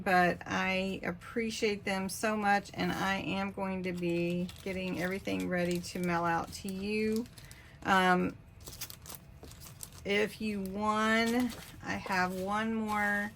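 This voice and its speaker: A woman hosting a craft channel, casually opening mailed craft cards and thanking senders with warm, gushing praise. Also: mid-range voice, slight background noise.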